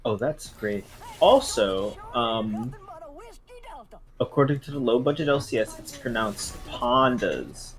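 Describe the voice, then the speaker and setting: A man co-casting an esports match on a live stream, playful and quick to laugh. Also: medium pitch, low-quality recording. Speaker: esports co-caster. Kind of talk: casual live-stream commentary.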